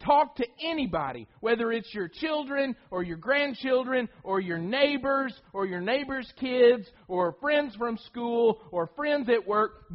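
A man's voice: very high voice, muffled recording. A man preaching a sermon, emphatic, often repeating words and restarting phrases.

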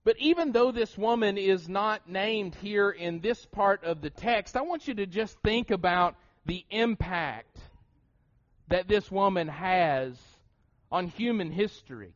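Man, thirties, Appalachian American accent, sermon, rhetorical questions, stammering restarts, higher voice, dull lo-fi sound. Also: unhurried. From Southern United States. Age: 30s. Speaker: preacher. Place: church sanctuary. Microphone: shared pulpit mouthpiece mic.

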